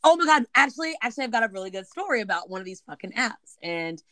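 Woman on a podcast spilling a dating story, lively, acts out every line, swears a lot, dry sound. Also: on the high side, quick pace, no echo. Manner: animated, swears casually, acts out quoted dialogue. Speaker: podcast co-host. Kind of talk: casual chat, storytelling.

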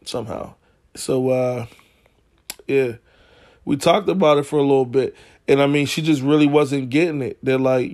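A man's voice: medium pitch, steady tone, moderate pace, pauses often. A man hosting a podcast, telling a story in a casual, profane, slangy way, getting heated as he goes. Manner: slangy, profane, gets heated and loud when retelling arguments. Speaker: podcast host.

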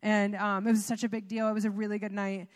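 In a reverberant church sanctuary, a young pastor's wife tells her personal testimony during the sermon. She's a fast talker with a mid-range voice and flat delivery, and her chatty account is peppered with fillers and little laughs.

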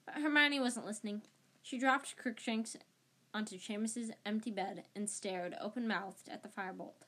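A woman's voice: mid-range voice, moderate pace, sharp tone. A woman narrating an amateur audiobook reading, with plain delivery and small slips and restarts. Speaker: audiobook reader.

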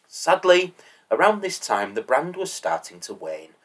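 A man's voice: fairly high pitch, big pitch swings, measured pace, fairly bright tone, husky, recorded from a distance. A man hosting a podcast, reading scripted narration in a wry, lightly sardonic manner. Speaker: podcast host.

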